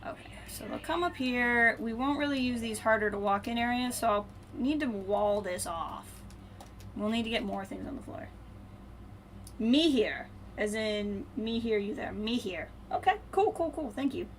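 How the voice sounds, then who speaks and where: A woman streaming a video game, thinking aloud and muttering to herself, then brightly greeting her viewers. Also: a little high, expressive, normal speed, slight background noise. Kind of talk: casual live-stream chat while playing.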